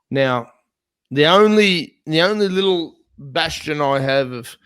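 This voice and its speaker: A man's voice: mid-range voice, fairly bright tone. An Australian man from a small country town, ranting profanely in a casual political chat. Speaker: podcast host.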